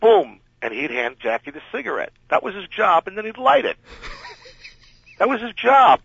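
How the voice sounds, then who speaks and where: A man telling an anecdote as a radio interview guest, animated and acting out the people in his story. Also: sits high, normal speed, vocal fry, slightly rough, no room sound. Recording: dull lo-fi radio recording.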